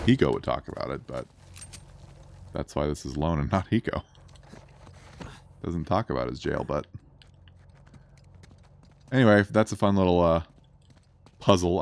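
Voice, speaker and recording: Deep-voiced joking gamer guy. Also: creaky. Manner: joking, crude, self-amused asides. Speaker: let's play streamer. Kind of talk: casual gameplay commentary.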